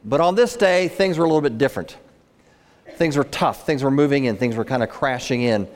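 A man's voice: mid-range voice, normal speed, long pauses. Middle-aged male guest speaker, earnest storyteller addressing an audience, mid-range voice, big reverberant hall. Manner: earnest, repeats phrases, talks to the crowd. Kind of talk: personal story told to an audience.

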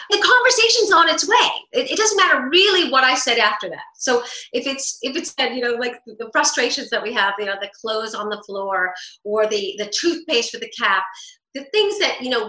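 Bright, animated woman in an echoey room. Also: mid-range voice. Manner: animated, acts out everyday dialogue. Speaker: guest, voice actress. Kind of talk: interview talk.

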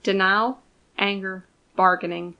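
Co-hosting a fan podcast, this young woman talks casually, swears, and pushes her arguments with emphasis. Her medium-pitched voice is a little slow with fairly even intonation, and the audio sounds dull.

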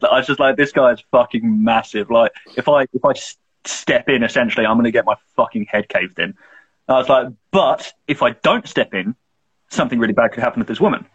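This young man co-hosts a podcast and tells a long story in loose, rambling casual chat, swearing freely between fillers. His voice is husky, and the recording sounds muffled and lo-fi. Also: mid-range voice, fairly bright tone. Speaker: podcast co-host.

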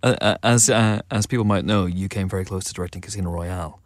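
A man's voice: low voice, quick pace, dry recording, clean studio sound. A man interviewing a film director, asking chatty, hesitant questions. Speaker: podcast interviewer.

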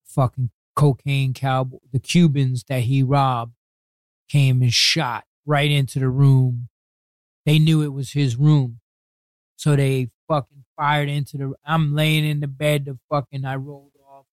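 A man's voice: mid-range voice, little pitch movement, no room sound. Blunt, foul-mouthed New York man. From New York City. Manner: heavy swearing, blunt street talk; acts out others' words in quick retellings. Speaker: guest. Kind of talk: casual storytelling interview.

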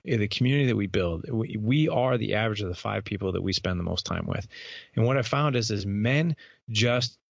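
Here a low, creaky-voiced man in his thirties speaks on a dry, dull, lo-fi recording. He hosts a podcast but is the guest in this interview, earnestly sharing a candid personal story and repeating words along the way.

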